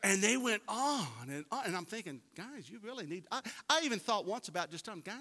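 A man's voice: sits high, big pitch swings, brisk, sharp tone. A man preaching a sermon, telling folksy stories and building to emphatic points. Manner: folksy storytelling preacher, rising to emphatic peaks. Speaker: pastor. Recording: long hall reverb.

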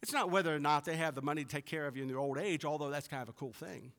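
A middle-aged pastor preaches with a somewhat high voice, swelling into emphatic lines and then falling back soft and low. His voice carries a long reverb from a large hall. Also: racing. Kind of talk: sermon.

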